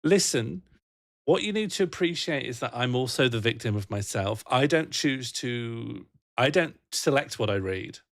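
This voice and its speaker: A man's voice: medium pitch, lively intonation, normal speed. A young man chatting on a livestream, reading out chat messages and laughing often in a rambling, playful way. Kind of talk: casual live-stream chat.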